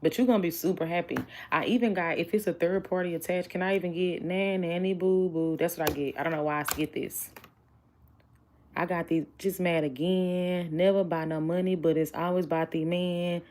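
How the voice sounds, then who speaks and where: A woman's voice: lowish voice, fairly even intonation, fairly quick, a little mellow, a little hiss or hum. A chatty woman doing a casual tarot reading, blunt and joking with her viewers. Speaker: tarot reader.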